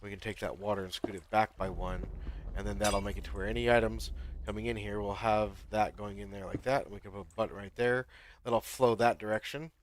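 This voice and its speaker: A man's voice: fairly low pitch, steady tone, brisk, slight background noise. A man streaming a building game, talking himself through each step and chatting with viewers in an easygoing way. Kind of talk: live-stream gameplay commentary.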